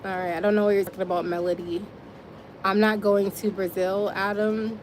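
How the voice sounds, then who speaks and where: A woman's voice: medium pitch, level tone, moderate pace, a little hiss or hum. A woman in her forties from Massachusetts, hosting a casual livestream and chatting with viewers by name. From Springfield, Massachusetts, US. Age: 40s. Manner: chatty, reads viewer names aloud and laughs often. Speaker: livestream host. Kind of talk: casual livestream chat reading comments.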